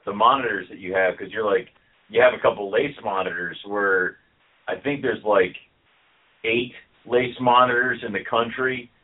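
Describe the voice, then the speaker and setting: A man's voice: fairly low pitch, moderate pace. A man with a Philadelphia accent hosting a podcast, talking in a rambling, friendly way full of fillers. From Philadelphia area. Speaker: podcast host. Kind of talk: casual podcast chat. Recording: phone-like call line.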